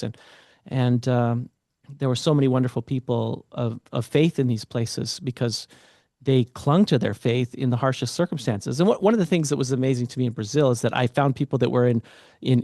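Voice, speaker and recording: A man's voice: mid-range voice, darkish tone, no room sound. Earnest man telling a story, dry sound. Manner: earnest, halting with many restarts. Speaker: guest, author and speaker. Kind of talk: storytelling in a podcast interview.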